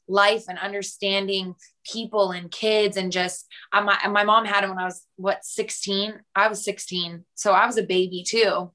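Bright-voiced young woman, earnest and chatty. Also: mid-range voice. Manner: warm, earnest, laughs often, animated retelling. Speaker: podcast guest. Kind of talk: heartfelt casual conversation.

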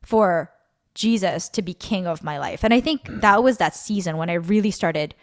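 A Korean woman co-hosting a podcast gives a casual personal testimony, rambling and chatty, with frequent fillers and self-corrections. Her voice is fairly low-pitched and expressive, at a normal speed.

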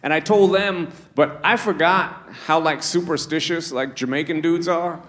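A male stand-up comedian performing a set, animated and laughing at his own asides. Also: on the high side, normal speed. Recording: noisy live club recording.

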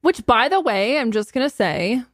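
A woman's voice: fairly high pitch, sing-song, moderate pace, no echo, clean studio sound. Emphatic woman giving frank opinions. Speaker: podcast co-host. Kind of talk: casual chat.

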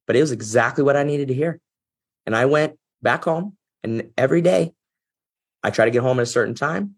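A man's voice: medium pitch, breathy edge. A man guest on an interview show, earnestly telling a personal story in a reflective, heartfelt way. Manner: earnest, reflective, emotional at times. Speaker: podcast guest, business executive.

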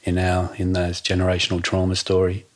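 A man, a guest in a casual conversation, talking in a reflective, halting way with many fillers. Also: low-pitched, monotone.

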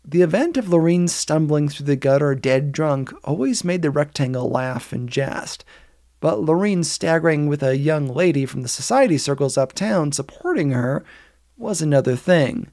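Gravelly man reading a story aloud. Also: on the high side, no room sound, clean studio sound. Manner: steady, measured storytelling, lifting the voice for quoted speech. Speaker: audiobook reader. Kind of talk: scripted narration.

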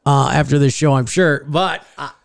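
A man's voice: on the high side, normal speed, creaky, no room sound, clean studio sound. A man from the Midwestern US co-hosting a casual podcast, joking, complaining and often laughing, recorded in a small closet-sized room. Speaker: podcast co-host. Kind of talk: casual banter.

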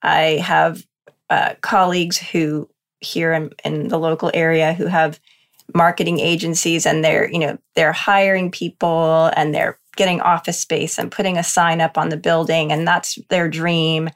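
Woman, middle-aged, lowish pitch, vocal fry, candid thoughtful guest talk. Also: level tone, unhurried. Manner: candid, thoughtful, a little self-deprecating. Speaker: podcast guest, freelance marketer. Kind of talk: casual podcast interview.

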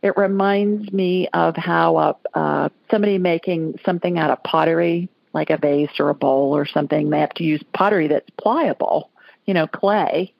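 A woman's voice: deep voice, normal speed, vocal fry, no room sound. Chatty woman hosting a call-in show. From Alabama. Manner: chatty, folksy, laughs often. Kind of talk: casual call-in radio chat. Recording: dull lo-fi audio.

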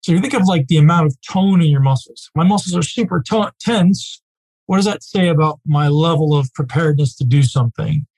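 A man teaching a live group as a coach, speaking casually and emphatically, often checking in with a quick "right?". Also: a little high, darkish tone, rough recording.

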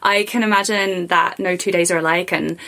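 A woman's voice: on the low side, fairly even intonation, fairly quick, creaky, pushed and bright. Upbeat woman hosting a podcast. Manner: upbeat and friendly. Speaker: podcast host. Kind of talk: scripted intro, then casual interview chat.

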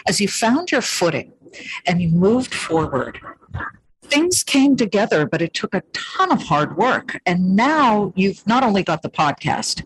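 A woman interviewing a guest, asking questions and reacting in a lively way. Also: mid-range voice, slightly rough, poor audio.

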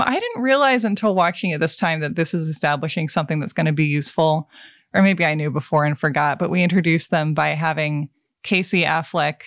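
A woman with a fairly low voice tells a film's story on a casual podcast. She is wry and animated, tossing in quoted asides. The sound is dry and close to the mic. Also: creaky, no room sound. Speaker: podcast host summarizing a film.

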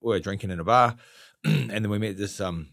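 Middle-aged Kiwi man, guest in casual talk, lowish voice, halting, dry close sound. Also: vocal fry, a bit bright, dry recording. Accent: New Zealand. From New Zealand. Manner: halting storytelling with many fillers and restarts. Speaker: guest, retired boxer. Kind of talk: casual chat.

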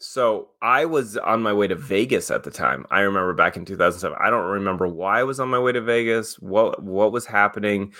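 Male co-host, low voice, blunt, swears freely, dry close sound. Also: fairly quick, hardly any pauses, pushed and bright, no echo. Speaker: podcast co-host. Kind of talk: casual chat.

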